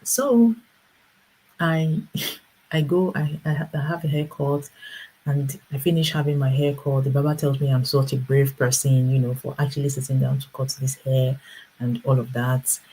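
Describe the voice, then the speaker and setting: A middle-aged woman hosting a casual livestream, telling an animated personal story with laughter and acted-out voices. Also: a bass voice, normal speed, husky, poor audio. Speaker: livestream host and business coach.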